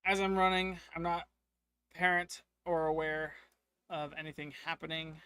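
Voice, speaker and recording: A man's voice: fairly high pitch, fairly even intonation, moderate pace, pushed and bright, clear, resonant tone, no room sound. A man streaming a solo tabletop game, narrating casually and thinking aloud to his chat.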